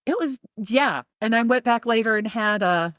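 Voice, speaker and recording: Animated woman telling a story. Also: a little high, normal speed, dry recording, clean studio sound. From not from Charleston. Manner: animated, acts out quoted people, laughs often, swears. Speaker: podcast co-host. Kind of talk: casual chat, storytelling.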